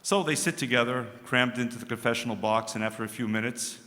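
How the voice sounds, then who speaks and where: Invited as a guest to a religious service in a synagogue sanctuary, a man starts his formal speech with a joke, telling it in a dry, measured storyteller's manner. His medium-pitched voice is pushed and bright, and the recording carries the long reverb of a large, echoey hall.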